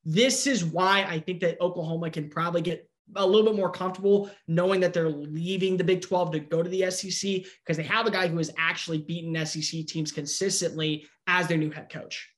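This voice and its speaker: A man giving an opinionated, animated breakdown in casual sports talk. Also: sits high, brisk, few pauses. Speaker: sports analyst.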